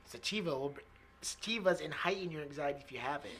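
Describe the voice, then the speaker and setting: Bright, high-voiced guest man. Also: animated, fast talker, slightly rough. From Canada. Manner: easygoing, explains things plainly. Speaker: podcast guest. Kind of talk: casual chat.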